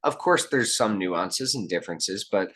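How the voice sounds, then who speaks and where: Low-voiced earnest man speaking as guest. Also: lively intonation, measured pace, a bit bright. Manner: earnest, reflective, many restarts and fillers. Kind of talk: conversational interview answers.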